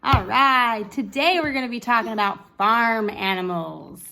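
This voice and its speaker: A young woman teaching a home lesson to her child, with a gentle, encouraging, sing-song manner, at home. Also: on the high side, measured pace, vocal fry, slight background noise. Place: home, living room then kitchen.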